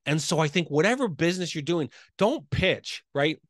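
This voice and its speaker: Earnest male podcast guest, quick and eager, a touch high-pitched, recorded dry. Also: expressive, no echo. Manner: earnest, fast, enthusiastic talker with frequent "right?" tags. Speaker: real estate coach and realtor.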